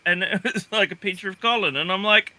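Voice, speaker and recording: Bright, high-voiced man chatting. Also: fairly quick, dry recording. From Australia. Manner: rambling, hesitant, many fillers and restarts. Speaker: guest. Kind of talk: casual chat. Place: livestream call.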